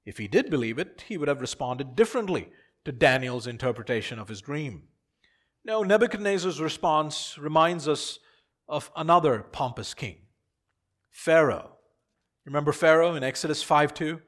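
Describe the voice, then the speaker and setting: A man preaching a sermon as pastor, swinging from hushed to loud and repeating key lines for emphasis. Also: fairly high pitch, expressive, normal speed.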